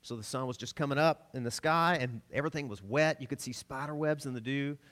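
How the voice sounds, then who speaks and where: This middle-aged pastor from the American South delivers a brisk, medium-pitched sermon. He laughs through his stories and swings without warning between loud and soft passages.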